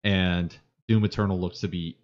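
A man's voice: sits low, steady tone, moderate pace, darkish tone. A man co-hosting a casual podcast chat, rambling and playful, who hums and fills time when left alone. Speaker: podcast co-host. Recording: dull lo-fi sound.

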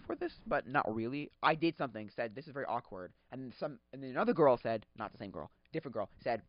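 A man hosting a podcast, chatting casually in a rambling, excitable way, laughing often and acting out quotes. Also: medium pitch, quick pace, no room sound. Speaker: podcast host. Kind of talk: casual solo chat. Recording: dull lo-fi sound.

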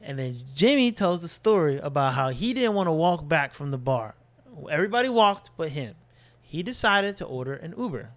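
Animated higher-voiced man telling a story. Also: moderate pace. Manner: animated, acts out friends' voices with lots of swearing. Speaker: podcast co-host. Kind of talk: casual storytelling chat.

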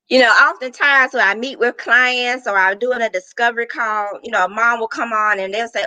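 Woman, middle-aged, business coach, animated, laughs often, bright tone, dry sound. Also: a little high, normal speed, hardly any pauses, no echo, low-quality recording. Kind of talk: casual interview talk.

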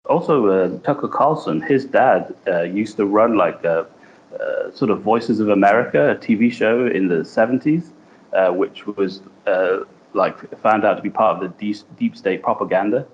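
Speaking at normal speed in a lowish voice, a man co-hosts a casual podcast. He rambles hesitantly with lots of fillers, and the remote line sounds dull and lo-fi with a faint hiss.

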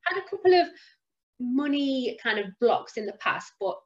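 A woman with a higher voice hosts a podcast, asking questions in a casual, chatty way full of filler words. Her audio sounds dull and lo-fi, like a remote connection. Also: very animated, moderate pace. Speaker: podcast host. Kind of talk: casual interview chat.

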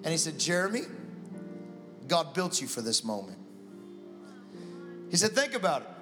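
A pastor preaching a sermon in a church, telling stories and acting out the dialogue in them. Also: male voice, fairly high pitch, very animated, normal speed, sharp tone, long reverb tail, faint music behind. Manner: storytelling, acting out dialogue with God.

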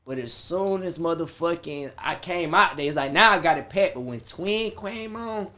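High-voiced animated young man. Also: moderate pace. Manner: animated storytelling, heavy profanity, acts out his own reactions. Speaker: performing artist guest. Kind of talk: casual interview chat.

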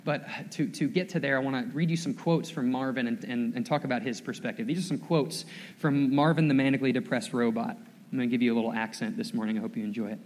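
A man's voice: medium pitch, fairly even intonation, fast talker, a little mellow. A male pastor preaching a sermon in a church, in a conversational, self-deprecating way and often repeating his words. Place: church sanctuary. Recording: long reverb of a large hall.

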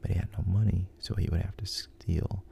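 A man softly retelling a story, unhurried, with frequent pauses and restarts. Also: deep voice, fairly even intonation, vocal fry, a little hiss or hum. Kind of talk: whispered storytelling.

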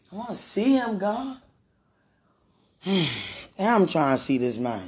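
A very animated woman speaks slowly at medium pitch, pausing often, her tone a little mellow. She chats and prays aloud, repeating phrases and laughing often, while complaining of heartburn and hunger.

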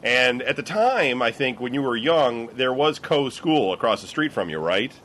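A man hosting a casual podcast, halting as he feels his way through each question and stopping often to restart. His voice sits at an ordinary middle pitch. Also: expressive, fairly bright tone, a little hiss or hum. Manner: halting, many fillers and restarts. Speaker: podcast host. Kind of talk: casual interviewing.

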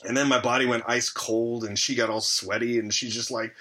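Husky, forceful man telling his story. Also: medium pitch, steady tone, fairly quick. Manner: rambling, heavy on fillers and restarts. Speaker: interview guest. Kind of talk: candid personal storytelling.

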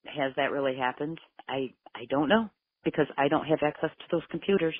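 In an interview, a mother tells of searching for her missing son, intense and emotional as she repeats what everyone told her. Her low, husky voice moves fairly quickly. The recording is dry and narrow, like a phone line.

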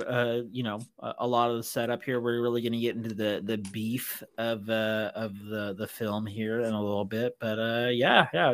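Male podcast co-host, middle pitch, eager and rambling, an easygoing film chat. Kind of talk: casual film discussion podcast.

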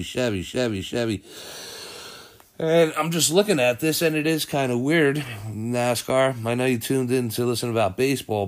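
A man hosting a casual sports podcast, rambling and thinking aloud as he goes through results and news, often correcting himself. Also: medium pitch. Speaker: podcast host.

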